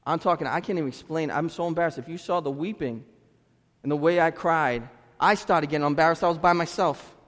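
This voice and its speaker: A man preaching a sermon as pastor, earnest and conversational, moving between loud exhortation and quiet, confessional talk. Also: on the high side, in a large hall. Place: church sanctuary.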